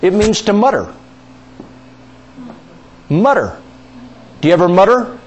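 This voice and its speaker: Animated male pastor teaching a sermon. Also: sits high, dull audio. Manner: asks the congregation questions and repeats key words; stretches scripture quotes out slowly.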